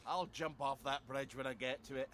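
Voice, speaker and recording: A man's voice: mid-range voice, steady tone, moderate pace, fairly bright tone, slight background noise, close to an everyday voice. An actor with a Scottish accent playing a sardonic man on the run in a video game, trading dry quips. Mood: wry.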